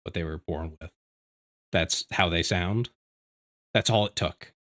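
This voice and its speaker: A man streaming from home, chatting casually with his viewers in a rambling, animated way, often restarting his sentences. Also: sits low, a little slow. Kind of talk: casual livestream chat. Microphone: desk microphone.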